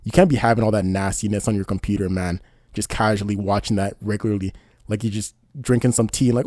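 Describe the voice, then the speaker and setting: A man's voice: fairly low pitch, steady tone, fast, a little mellow, no room sound, clean studio sound. A man doing casual online commentary, indignant and rambling, often asking "you know what I mean". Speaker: commentary YouTuber.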